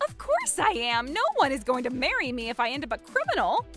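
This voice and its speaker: A woman with a high, lively voice acts out every role in a dramatic story, switching sharply between characters. Soft music plays beneath her. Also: fairly quick. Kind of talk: acted story narration with many voices.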